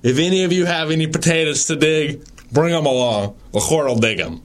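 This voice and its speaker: A man's voice: a little high, fairly quick, voice pushed up, lightly acted. A man putting on a blustering old frontier judge. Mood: pompous. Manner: pompous, declaiming sentences from the bench.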